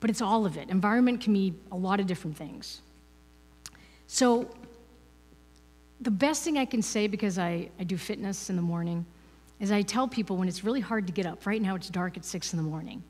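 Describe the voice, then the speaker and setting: A woman's voice: mid-range voice, lively intonation, fairly quick, darkish tone. A woman giving a conversational, playful spiritual talk as a guest speaker, asking the audience rhetorical questions. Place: church hall. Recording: reverberant hall.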